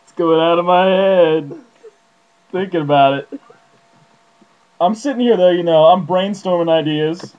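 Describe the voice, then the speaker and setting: A man rambling through an absurd comic monologue to camera, his voice jumping wildly in pitch and loudness. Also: measured pace, pauses often, smooth, muffled recording. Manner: rambling, jumpy, wildly swinging pitch and volume. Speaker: vlogger.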